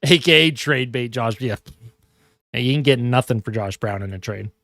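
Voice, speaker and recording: A young man giving casual live hockey play-by-play from his home, excitable and chatty. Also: mid-range voice, normal speed, gravelly, no room sound. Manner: excitable calls that break off to coo at his cat. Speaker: fan streamer doing live play-by-play. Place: home room at his monitor.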